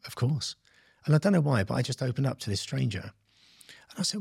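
A man's voice: mid-range voice, quick pace, vocal fry, breathy edge, no room sound, clean studio sound. A man in his thirties from England, telling his life story in a casual interview and acting out other people's lines. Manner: animated, acts out quoted voices. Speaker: podcast guest, entrepreneur.

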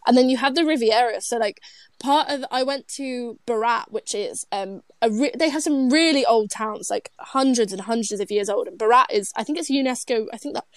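A woman's voice: fairly high pitch, brisk, no echo. A young British woman hosting a podcast, telling travel stories in a chatty, filler-heavy way. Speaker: podcast host. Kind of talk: casual podcast chat.

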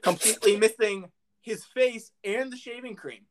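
A man's voice: sits high, normal speed. A young man in casual chat, telling a silly made-up story in a playful, teasing way.

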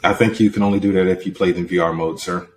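A man's voice: low-pitched, steady tone, fast talker, a little hiss or hum. A young man hosting a podcast, reading entertainment news in a casual, teasing, level-headed way. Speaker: podcast host.

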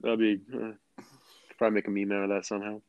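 A man co-hosting a podcast, telling a story in casual chat with lots of restarts and animated asides. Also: fairly low pitch, fast talker, clean tone, no room sound, phone-quality sound. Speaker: podcast co-host.

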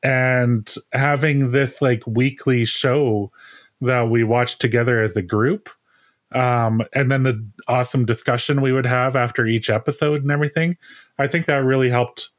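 Young man, podcast co-host, medium pitch, easygoing, agreeable. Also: steady tone, normal speed. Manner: easygoing, agreeable, lots of "yeah". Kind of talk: casual chat.

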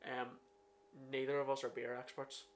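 A man's voice: medium pitch, little pitch movement, moderate pace, slight background noise. A Northern Irish man in his twenties hosting a podcast, chatting casually and joking with a friend. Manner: jokey, chatty, tangents with fillers. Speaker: podcast host. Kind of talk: casual chat.

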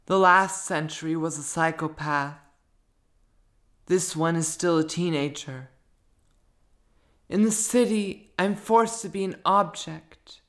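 A woman's voice: fairly low pitch, fairly bright tone. A woman author talking about her writing and then reading her own prose aloud, thoughtful and searching for words.

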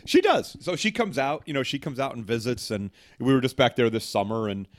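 A man's voice: mid-range voice, sing-song, brisk. A middle-aged man as a guest in casual chat, rambling with many fillers and joking.

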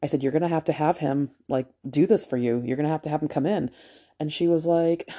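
A woman's voice: sits low, quick pace, mellow. A nurse of about forty tells her story in a chatty, unfiltered way, swearing freely as she goes. She has just come out of anesthesia after a procedure, and her delivery stays loose and conversational. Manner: candid, profane, chatty. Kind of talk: casual storytelling to camera.

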